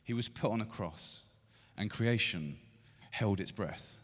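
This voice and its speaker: A man in his thirties preaching a sermon to a church meeting, building to loud, emphatic repeated lines. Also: fairly low pitch, slow, breathy edge. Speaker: pastor. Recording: long hall reverb.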